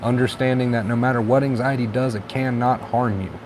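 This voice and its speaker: A man's voice: mid-range voice, fairly quick. Male livestream host, easygoing and encouraging, faint traffic outside. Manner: relaxed, encouraging, reads viewer comments aloud. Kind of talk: casual live-stream chat reading comments.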